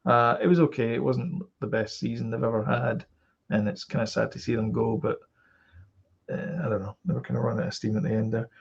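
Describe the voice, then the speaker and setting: Gravelly Scottish man, rambling podcast chat. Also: medium pitch, a little fast. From Scotland. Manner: rambling, animated, with many fillers and restarts. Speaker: podcast co-host. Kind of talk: casual chat. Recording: dull lo-fi podcast audio.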